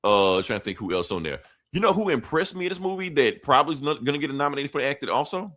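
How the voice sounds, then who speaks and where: Brief: male podcast co-host, animated and profane, lots of pitch movement, laughs often. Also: fast. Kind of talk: casual podcast chat.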